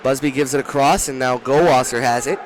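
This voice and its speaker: A young man calling a hockey game from a rink booth, talking fast, shouting during rushes and often correcting himself. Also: mid-range voice, steady tone, slight background noise. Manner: rapid, rising to shouts during rushes, with frequent self-corrections. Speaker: play-by-play commentator. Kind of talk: live hockey play-by-play commentary. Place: broadcast booth at an ice rink.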